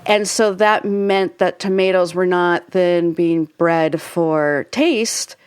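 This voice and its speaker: A woman's voice: lowish voice, takes it slowly, clean tone, no room sound, studio quality. A young adult woman co-hosting a podcast, explaining at length in casual chat with lots of filler words. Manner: chatty, explains at length with frequent "like" fillers and laughs. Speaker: podcast co-host.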